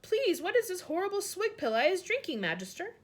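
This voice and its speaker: A woman's voice: very high voice, sing-song, a little fast, pitched above the performer's own voice. A woman voicing a huge, friendly male giant who jumbles his words in a storybook reading. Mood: excited.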